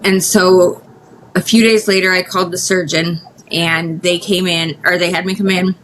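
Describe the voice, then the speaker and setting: Woman guest, low-pitched, candid and halting personal storytelling, faint background noise. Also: little pitch movement, fairly bright tone, rough recording. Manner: candid, emotional, halting with restarts. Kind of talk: casual interview storytelling.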